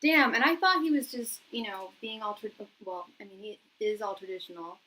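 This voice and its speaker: A woman's voice: a little high, expressive, fairly quick, pushed and bright, rough recording. Young woman, tarot reader, chatty and informal, reads viewer comments aloud, laughs easily. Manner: chatty, laughs often, fillers and repeats. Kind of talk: casual live-stream chat.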